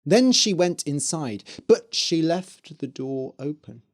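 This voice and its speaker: A storyteller reading a fairy tale aloud slowly for English learners. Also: mid-range voice. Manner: slow, clear, expressive. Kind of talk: scripted narration for English learners.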